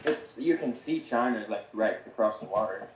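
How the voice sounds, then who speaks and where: A man from South Dakota, a guest on a casual podcast, talking in halting, drifting sentences. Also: on the low side, animated, echoey room, noisy background. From South Dakota, USA. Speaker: podcast guest, motocross rider. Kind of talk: casual chat.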